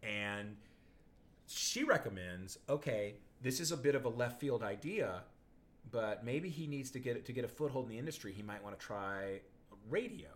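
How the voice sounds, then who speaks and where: A man's voice: mid-range voice, moderate pace. A man co-hosting a podcast, chatting casually about a film, rambling and laughing often. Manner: animated, rambling, laughs a lot. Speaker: podcast co-host.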